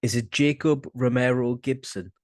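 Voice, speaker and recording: A young man with a Northern English accent, co-hosting a casual chat, rambling and halting and swearing casually. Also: mid-range voice, no room sound. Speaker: podcast co-host.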